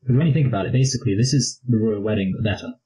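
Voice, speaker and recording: A man's voice: lowish voice, rapid-fire, dark tone, low-quality recording. A young man with a rambling, jokey manner, co-hosting a casual movie review chat. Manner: rambling, jokey, slips into posh impressions. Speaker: co-host of a movie review show.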